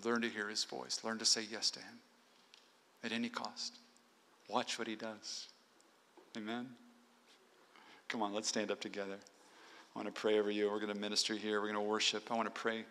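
A man's voice: lowish voice, level tone, moderate pace, long pauses, bright, forceful tone. A male pastor preaching an earnest sermon in a church, exhorting the congregation point by point. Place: church sanctuary. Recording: long hall reverb.

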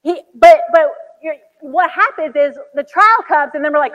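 A high-pitched woman in her thirties preaches in a casual, story-driven way, full of "like"s and acted-out quotes. Her voice carries a long hall reverb, and the recording sounds muffled. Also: moderate pace, hardly any pauses, a bit bright. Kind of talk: sermon.

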